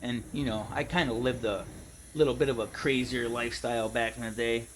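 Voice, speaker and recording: Gaming at home, this young streamer rambles through a lengthy casual story, laughing a lot and tossing out "dude" and "man." He talks fairly quickly in a medium, fairly bright voice with fairly even intonation, and the poor-quality audio has a little hiss or hum.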